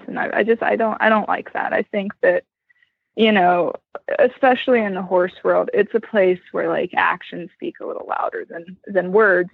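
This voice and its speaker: A woman's voice: medium pitch, gravelly, breathy edge, dry recording. A woman from Western Pennsylvania, a guest chatting animatedly and telling stories with lots of "like.". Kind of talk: casual storytelling interview. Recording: tinny phone line, remote call.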